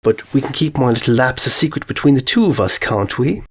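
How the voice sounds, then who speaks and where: A woman voicing a kind, gentle adult pony princess who speaks softly and warmly. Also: very deep voice, expressive, brisk, husky, exaggerated voice. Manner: warm, conspiratorial.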